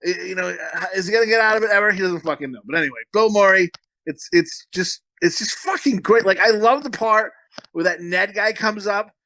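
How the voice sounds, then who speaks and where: A man hosts a loose movie-review podcast, rambling from one thought to the next with plenty of swearing and laughter. His voice sits high and bright. The recording is dry and close. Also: no echo. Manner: profane, rambling and quick to laugh. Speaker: podcast host. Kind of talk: casual movie-review chat.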